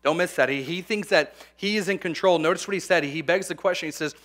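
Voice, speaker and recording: A young man preaches to graduating students with a bright, forceful tone. His delivery is conversational, full of repeated words and light humorous asides. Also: a little high, quick pace.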